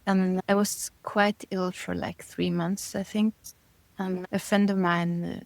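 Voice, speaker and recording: A woman's voice: on the low side, flat delivery, slow, gravelly, darkish tone, no echo, rough recording. A middle-aged woman being interviewed, talking thoughtfully and searching for her words, often breaking into light laughter between thoughts. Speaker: guest. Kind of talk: casual interview conversation.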